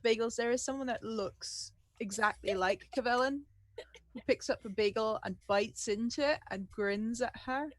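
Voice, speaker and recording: A woman's voice: on the high side, moderate pace, no room sound. A woman player in a tabletop game, casually explaining her character's backstory.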